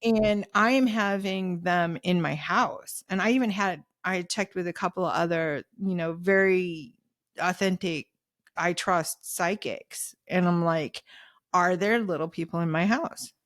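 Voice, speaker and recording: A woman's voice: lowish voice, a little slow, no echo, clean studio sound. Chatty woman telling stories with "you know"s. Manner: chatty, filler-heavy, many "you know"s and retold dialogue; laughs often while telling stories. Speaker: podcast guest, healer. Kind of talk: casual storytelling in a podcast interview.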